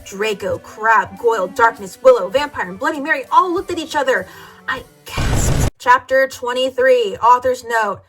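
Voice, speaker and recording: A woman's voice: a little high, expressive, normal speed, over music. A woman reading a fanfic aloud for comedy, playing it over the top and now and then laughing at the text. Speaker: reader.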